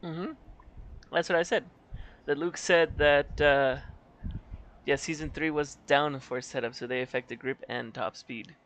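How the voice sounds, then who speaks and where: A man with a fairly high voice calls a virtual race in a loose, chatty way, laughing often and joking as he goes. He is a bit above the usual pitch for a man. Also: steady tone, a little slow, a bit bright. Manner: laughs often, playful, puts on accents as jokes. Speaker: race commentator. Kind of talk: casual live race commentary.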